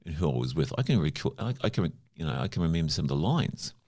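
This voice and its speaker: A man's voice: rumbling low, big pitch swings, fast talker, a little mellow. A man in his fifties from New Zealand, a podcast guest telling stories in a chatty, casual way, full of "you know" asides. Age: 50s. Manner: chatty anecdotal, lots of "you know" fillers. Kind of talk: casual conversational storytelling.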